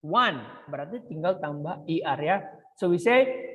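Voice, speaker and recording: A man's voice: on the high side, expressive, normal speed, muffled recording. Male teacher with an Indonesian accent, online lesson, coaxing and bilingual, echoey long-reverb sound. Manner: switches between English and Indonesian, coaxing questions to students. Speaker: English teacher. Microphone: video call.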